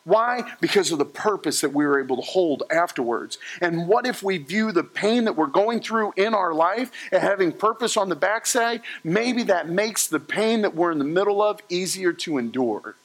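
High-voiced, animated male pastor preaching. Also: normal speed, few pauses. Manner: humorous, animated storytelling with acted-out quotes. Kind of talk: sermon.

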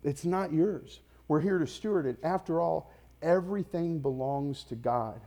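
A man's voice: fairly high pitch, a little slow. Impassioned male pastor preaching. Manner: impassioned, rising to loud emphatic peaks; direct questions to the congregation. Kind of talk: sermon.

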